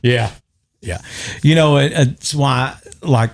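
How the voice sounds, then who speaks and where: A man's voice: medium pitch, slow. A man co-hosting a podcast, telling long rambling stories in casual chat and chuckling often. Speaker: podcast co-host.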